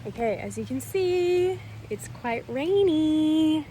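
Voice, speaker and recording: A woman chatting casually to a handheld camera as a travel vlogger, upbeat and quick to laugh. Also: sits high, lively intonation, warm tone, slight background noise, rough recording. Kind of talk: casual vlog chat.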